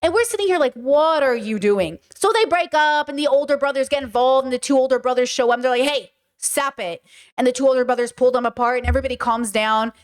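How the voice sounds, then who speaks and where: A woman hosts a commentary stream, talking in a fairly high, lively voice. She curses freely and slips into stories. Her tone is conversational and animated throughout. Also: very fast, hardly any pauses. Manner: animated, profane, conversational, reads chat aloud. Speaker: host. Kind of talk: commentary and personal storytelling.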